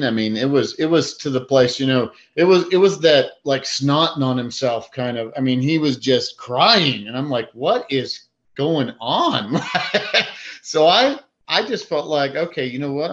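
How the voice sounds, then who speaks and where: A man's voice: medium pitch, dull audio. A man who preaches, telling a story in a casual faith chat, acting out his own thoughts with many fillers.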